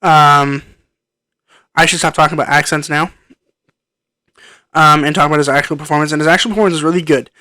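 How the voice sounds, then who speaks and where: Rambling man with a smooth, higher voice. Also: fairly even intonation, a little fast, pauses often, pushed and bright, no echo. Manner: rambling, hesitant, many ums and restarts. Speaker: movie reviewer. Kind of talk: casual spoken film review. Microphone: microphone plugged into a computer.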